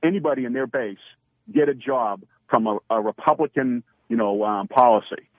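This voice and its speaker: A man's voice: medium pitch, moderate pace, no room sound. A man calling in to a radio talk show, talking heatedly and stumbling over his words with many restarts. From Massachusetts. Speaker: caller. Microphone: phone. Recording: tinny phone line, dry.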